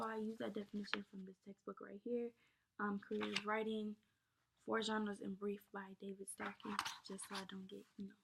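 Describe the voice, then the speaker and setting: Young woman teaching poetry, kinda monotone, gravelly fry, lots of ums and y'all. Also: medium pitch. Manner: casual, many ums and likes, addresses viewers as y'all. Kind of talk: informal lesson.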